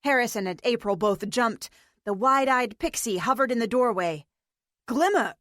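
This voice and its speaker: A woman reading a post-apocalyptic novel aloud as an audiobook narrator, in a measured, even manner. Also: fairly high pitch, no room sound, clean studio sound. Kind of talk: scripted narration.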